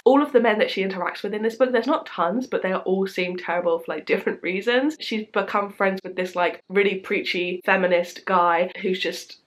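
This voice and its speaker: A young woman chatting casually about books, with lots of fillers and a few stumbles over words. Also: mid-range voice. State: croaky from illness. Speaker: book vlogger. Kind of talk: casual chat.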